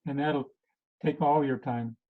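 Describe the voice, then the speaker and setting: A man acting as a health coach, giving a casual talk to a group and pausing often with many fillers. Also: mid-range voice, steady tone. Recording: tinny phone-like recording.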